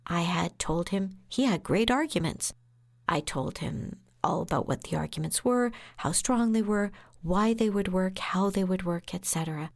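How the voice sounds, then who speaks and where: Lively woman lawyer telling a story. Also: lowish voice, moderate pace, vocal fry. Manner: lively, acts out quotes, laughs while telling. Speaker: lawyer and podcast host. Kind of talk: anecdotal storytelling.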